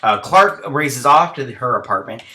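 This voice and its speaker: A man talks through a TV episode in a loose, rambling recap. He briefly acts out the characters in quick voices as he goes. His voice is bright and forward, with a medium pitch. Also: animated. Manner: chatty with lots of fillers like "he's like". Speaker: show host reviewing a TV episode. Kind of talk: casual spoken episode recap.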